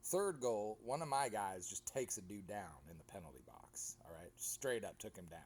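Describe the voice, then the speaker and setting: A man's voice: fairly low pitch, moderate pace, slightly rough. A man, a goalkeeper animatedly recapping his own soccer match in casual commentary. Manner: animated storytelling, acts out other players.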